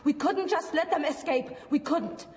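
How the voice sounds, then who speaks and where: A woman's voice: high voice, normal speed, darkish tone, natural voice. An actress playing a defensive former woman prison guard, plain and insistent. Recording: film clip with reverb and score.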